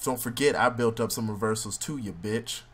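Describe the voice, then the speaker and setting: A man commentating his own wrestling game run, swinging between yelling, cursing at opponents and mock ring-announcer boasts. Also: lowish voice, moderate pace, soft background music. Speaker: gaming video host. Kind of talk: live gameplay commentary.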